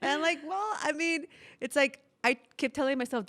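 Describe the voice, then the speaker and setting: A woman's voice: high voice, moderate pace, no echo, clean studio sound. A woman in her thirties co-hosting a podcast, telling a story in casual chat with lots of laughter and acted-out quotes. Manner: animated, laughs often, acts out quotes. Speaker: podcast co-host.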